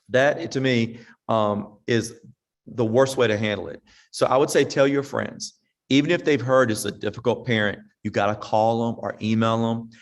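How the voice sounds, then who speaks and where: A man talks shop with fellow teachers in a casual online session. His delivery is folksy and direct, like a veteran teacher handing out hard-won advice. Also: mid-range voice. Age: 50s. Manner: folksy and direct, acts out parents and sings snippets. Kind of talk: casual conference talk with audience questions. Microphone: online presentation mic.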